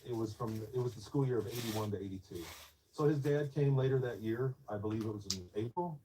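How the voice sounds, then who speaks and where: A man in his fifties telling a personal story in an interview, soft, reflective and a little hesitant. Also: medium pitch, fairly quick, recorded from a distance, noisy background.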